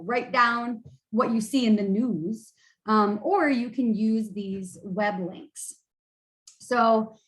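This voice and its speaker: A woman's voice: fairly high pitch, reverberant, low-quality recording. A woman, a college instructor, giving a tired, casual screen-share lecture full of fillers and restarts. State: tired, yawning.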